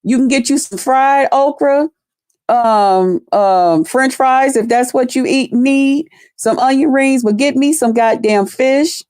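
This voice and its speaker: A fairly high-pitched woman talks to her viewers in a loose, animated vlog. Her storytelling is blunt and packed with cursing. The sound is close and dry, with little room to it. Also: slow pace, dry recording. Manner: laughs at her own jokes. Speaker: vlogger. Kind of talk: casual profane storytelling chat.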